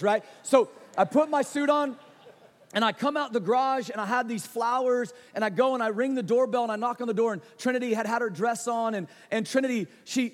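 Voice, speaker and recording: High-voiced preacher in an echoing hall. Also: male voice. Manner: swings from loud, emphatic preaching to quiet, intimate storytelling. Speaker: pastor. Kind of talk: sermon. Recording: long hall reverb.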